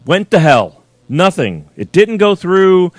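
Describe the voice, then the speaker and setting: A man's voice: sits high, sing-song, slow pace, no echo. A man hosting a call-in show, retelling his customer service calls in a blunt, exasperated rant and acting out both sides. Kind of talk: ranting monologue, retelling phone calls.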